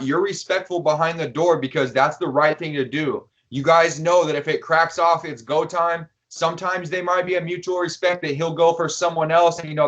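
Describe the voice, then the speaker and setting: Emphatic man explaining, slightly high voice. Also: a bit bright. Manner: emphatic, explains slang to listeners, profane. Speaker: podcast co-host. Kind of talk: casual explanatory chat. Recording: dull lo-fi recording.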